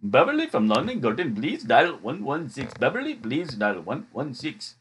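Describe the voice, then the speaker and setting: Guy putting on a squeaky falsetto store-speaker voice, silly drawn-out singsong paging. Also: wildly swooping pitch, fairly bright tone, slight background noise. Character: silly high-pitched man paging over a store speaker.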